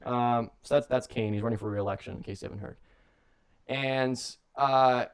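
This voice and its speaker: A young man co-hosting a wrestling podcast on the radio, telling a comedic story in a rambling, jokey way and breaking into quick put-on voices. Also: medium pitch, fairly even intonation, clear, resonant tone. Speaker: podcast co-host.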